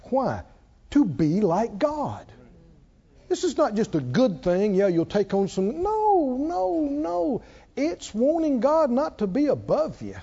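A man preaching a sermon in a folksy, animated way, asking the congregation questions as he goes. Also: very high-pitched, slow pace, vocal fry, breathy edge. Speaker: pastor. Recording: dull lo-fi recording.

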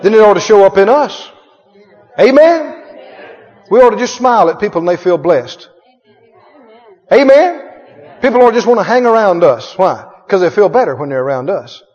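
A man's voice: high-pitched, animated, normal speed, pauses often, darkish tone. A male pastor preaching with emphatic call-and-response and frequent chuckles. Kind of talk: sermon. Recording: echoey hall, dull sound.

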